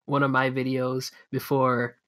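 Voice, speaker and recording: A man's voice: medium pitch, monotone, a little slow, a bit bright. A young man from Canada, co-hosting a podcast in a laid-back, chatty way. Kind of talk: casual podcast chat.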